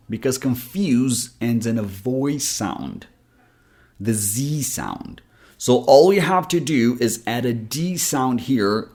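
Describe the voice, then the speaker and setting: A male accent coach talks through a pronunciation lesson, unhurried and deliberate. He lays out rules one at a time and says example words aloud. His pitch sits at an ordinary middle level. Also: a little mellow. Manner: slow, careful explanation with spoken examples.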